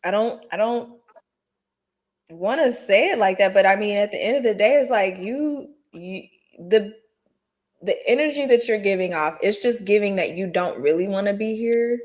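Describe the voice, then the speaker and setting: A woman co-hosting a casual gossip podcast, animated and exclamatory, laughing as she talks. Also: mid-range voice, moderate pace. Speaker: podcast co-host.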